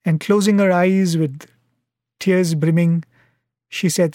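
A man giving a devotional talk, telling a story in an earnest, unhurried way. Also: sits high, steady tone, mellow, dry recording, studio quality. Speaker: devotional speaker.

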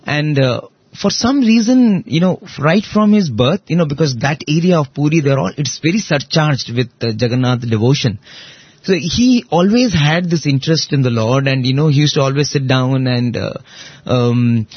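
A man telling a devotional story in conversation, animated and full of fillers. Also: a little high, moderate pace, slightly rough, no echo, dull audio. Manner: animated, acts out voices in quotes, many fillers.

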